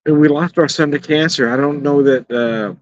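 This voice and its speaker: Blunt, profane middle-aged man, slightly high voice. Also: moderate pace, no room sound. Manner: blunt and profane, chuckles often. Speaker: beer and whiskey reviewer. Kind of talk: casual rambling vlog. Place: outdoors in the evening. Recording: dull, slightly lo-fi and dry.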